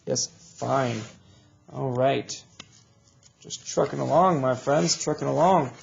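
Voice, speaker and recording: A man teaching a recorded reading lesson to children, drilling sounds and words in slow call-and-response. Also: medium pitch, vocal fry, highs cut off, slight background noise.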